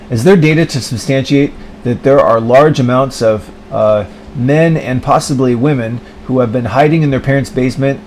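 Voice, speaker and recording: A man's voice: medium pitch, a little mellow, slight background noise, low-quality recording. Man on a rambling rant. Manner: rambling, full of "like" fillers and mocking quoted voices. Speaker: vlogger.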